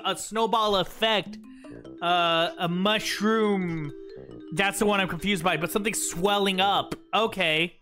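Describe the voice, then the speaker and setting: A man's voice: sits high, pushed and bright. A man chatting playfully with his livestream chat, joking at his own expense while he plays. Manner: playful, self-mocking, talks to chat. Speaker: streamer.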